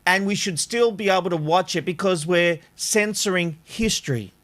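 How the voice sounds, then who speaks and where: A man's voice: high voice, moderate pace, a bit bright. A man hosting a talk show, reading a news item and then pressing his co-hosts with pointed questions. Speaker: host. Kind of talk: news segment and panel debate.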